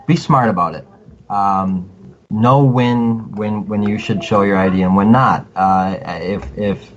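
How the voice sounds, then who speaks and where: A man giving advice as a podcast guest in casual talk, halting and repeating words as he restarts his sentences. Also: lowish voice. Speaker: podcast guest, cop watcher. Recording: dull lo-fi audio with faint noise.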